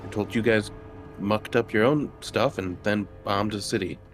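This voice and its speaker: A man's voice: lowish voice, normal speed, slight background noise. A man playing in a tabletop role-playing game, talking in a laid-back way. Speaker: player. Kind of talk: casual tabletop game play.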